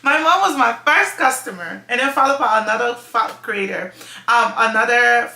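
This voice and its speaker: A woman's voice: fairly high pitch, normal speed, bright, forceful tone, roomy sound. A woman running a clothing brand, giving earnest casual advice on a vlog, often correcting herself mid-sentence. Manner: earnest, effusive, restarts and self-corrections. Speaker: clothing brand owner and channel host.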